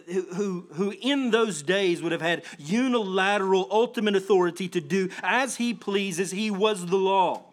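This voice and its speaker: A man pastor preaching an earnest sermon, often restarting phrases and building to emphatic swells. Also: sits high.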